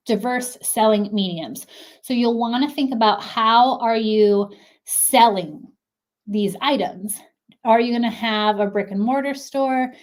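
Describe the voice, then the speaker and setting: A woman's voice: on the high side, a little mellow. Chatty, encouraging woman in her thirties. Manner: chatty, encouraging, frequent fillers. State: pregnant, a little out of breath. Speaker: clothing brand consultant. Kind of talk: casual advice talk to camera.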